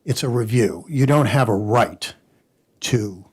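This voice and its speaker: A man's voice: mid-range voice, lively intonation, unhurried, husky. A man quoting a stern, impatient male judge on a conference call, curt and scolding.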